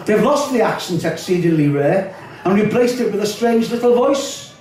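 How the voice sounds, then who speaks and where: Older Liverpool man, live poetry recital, high voice, distant and echoey. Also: lively intonation, moderate pace, darkish tone. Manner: rhythmic, wry delivery with spoken asides. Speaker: poet performing his own work. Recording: echoey hall, voice from off-mic.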